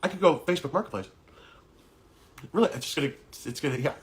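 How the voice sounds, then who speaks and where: A man's voice: fairly high pitch, lively intonation, fast. A man hosting a casual live-stream interview, rambling and joking with many restarts. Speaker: talk show host.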